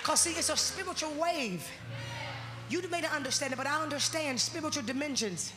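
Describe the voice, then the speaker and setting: A woman with a high voice preaches a fervent sermon, dropping low and then breaking into shouted praise. She calls out to the congregation in a call-and-response style. She is recorded in an echoey church hall with loud music behind her. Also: lively intonation, brisk.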